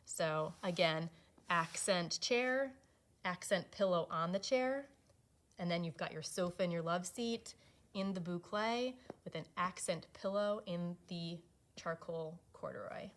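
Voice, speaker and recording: A woman's voice: lowish voice, measured pace. A woman presenting furniture fabrics, explaining design options step by step in a practical way. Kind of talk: product walkthrough.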